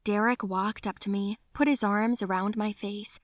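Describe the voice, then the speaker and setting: A young woman narrating her own animated story in the first person, acting out her cries with strong emotion. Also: mid-range voice, moderate pace.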